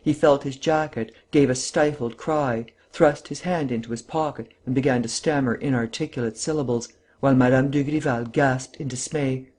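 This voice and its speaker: A man narrating a classic novel as an audiobook, in steady storytelling. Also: medium pitch, moderate pace, hardly any pauses. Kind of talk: scripted narration.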